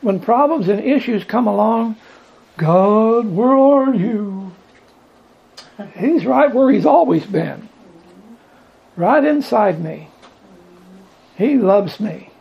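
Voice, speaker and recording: A man's voice: high-pitched, lively intonation, slow pace, gravelly, long pauses, breathy edge, highs cut off. A man teaching from the Bible to a small group, reading scripture aloud, asking questions and building emphasis on repeated lines. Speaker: preacher.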